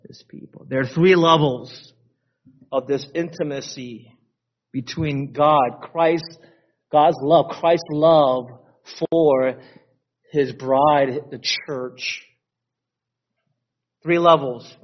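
A man's voice: on the high side, fairly even intonation, drawn-out words, pauses often. A male preacher giving a conversational sermon, repeating key phrases and checking in with the congregation, on a dull lo-fi recording.

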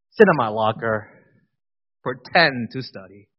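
A man in his forties giving a personal testimony in a sermon, swinging from loud emphatic bursts to quiet intimate asides. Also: a little high, unhurried, long pauses, low-quality recording.

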